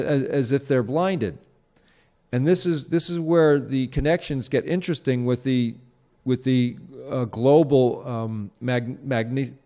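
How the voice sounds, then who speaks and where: A man's voice: medium pitch, mellow. A man hosting his own show, talking through a casual solo commentary in a rambling way, with many fillers and restarts. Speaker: show host.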